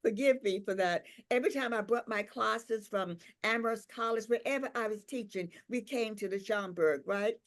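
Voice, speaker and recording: Reflective older woman telling a story. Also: on the high side. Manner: reflective and unhurried, with frequent "um" and "uh"; repeats words and checks in with "right?". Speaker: invited speaker, professor. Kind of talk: personal storytelling at a tribute gathering.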